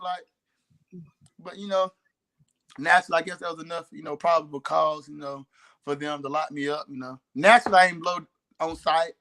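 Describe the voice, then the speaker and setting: A young man with a Southern drawl tells a story in loose, casual conversation, talking fast and slurring his words. His voice sits a touch high and sounds bright and forward. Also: steady tone. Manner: fast, slurred, laid-back drawl with frequent fillers. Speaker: podcast co-host.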